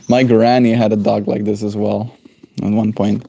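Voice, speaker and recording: A man hosting a daily livestream, chatting in a relaxed, rambling way and chuckling to himself. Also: lowish voice, moderate pace, creaky, dry recording. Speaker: livestream host. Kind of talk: casual chat.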